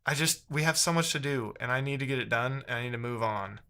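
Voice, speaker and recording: A man talks through a live coding stream in an exasperated, half-muttered way, reading viewers' messages aloud as he works. His voice has a bright, sharp edge and sits at an ordinary pitch. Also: fast talker, smooth.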